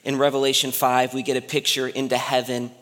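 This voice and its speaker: A man's voice: medium pitch, completely flat delivery, a little fast, a bit bright, long reverb tail. A man preaching a sermon as pastor, talking conversationally and rising to impassioned peaks. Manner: conversational, builds to impassioned climax. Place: large church hall.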